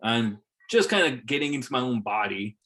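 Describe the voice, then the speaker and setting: A man's voice: medium pitch, sing-song, a little fast, fairly bright tone. A man in his thirties, a podcast guest, telling stories in casual chat, swearing and repeating words as he goes. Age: 30s.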